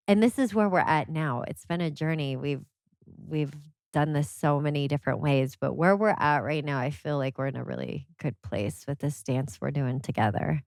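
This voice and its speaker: A woman guest on a podcast who talks in a casual, animated way, telling stories full of "like" fillers. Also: sits low, gravelly, no echo, clean studio sound. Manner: animated storyteller, many "like" fillers. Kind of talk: casual conversation.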